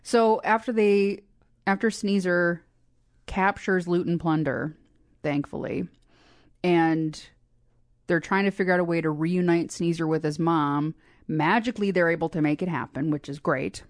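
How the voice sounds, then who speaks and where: A woman co-hosting a casual chat about a cartoon episode, sarcastic and quick to laugh. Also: on the low side, dry recording, studio quality. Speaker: podcast co-host.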